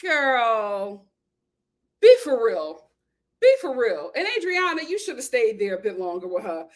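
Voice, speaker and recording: A woman's voice: a little high, a little slow. A woman hosting a casual reality TV commentary vlog, talking emphatically and animatedly. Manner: emphatic, animated, acts out quotes. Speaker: host.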